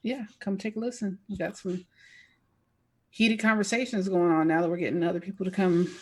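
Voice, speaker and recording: A woman's voice: medium pitch, steady tone, brisk, husky. A woman co-hosting a gaming podcast, chatting casually in a teasing, matter-of-fact way. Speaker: podcast co-host. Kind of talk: casual chat.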